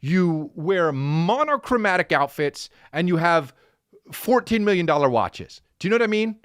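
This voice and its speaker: A male podcast host rambles through a profane, comedic rant, his voice swinging up and down with lots of energy. He sits a touch higher than most men and is recorded close and dry in a studio, stumbling and restarting as he goes. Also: normal speed, dry recording. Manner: profane, rambling, animated storytelling with many restarts.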